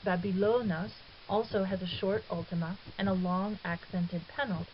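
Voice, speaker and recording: A woman calmly explaining a grammar lesson as a recorded teacher, patient and step by step, now and then correcting herself. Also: mid-range voice, normal speed. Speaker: Greek teacher. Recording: dull hissy lo-fi 2009 recording.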